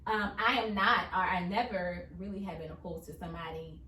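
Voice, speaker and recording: A woman's voice: lowish voice, fairly quick, pushed and bright. Chatty woman in an echoey room. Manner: chatty, laughs easily, many fillers. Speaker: podcast co-host. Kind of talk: casual chat. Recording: roomy echo, distant mic, faint noise.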